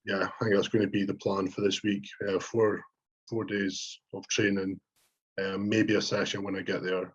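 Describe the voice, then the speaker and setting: A man's voice: low-pitched, moderate pace, slightly rough. A young Scottish man co-hosting a podcast, chatting casually and swearing freely. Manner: sweary, rambling, quotes himself in lively bursts. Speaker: podcast co-host, bodybuilder. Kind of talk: casual chat. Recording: dull lo-fi sound.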